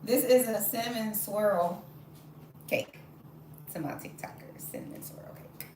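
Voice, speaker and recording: A woman's voice: medium pitch, unhurried, recorded from a distance. A woman, chatting expressively to her live-stream viewers while she bakes in her home kitchen. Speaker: vlogger baking at home. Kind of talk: casual live-stream chat. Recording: very echoey room, off-mic, noisy.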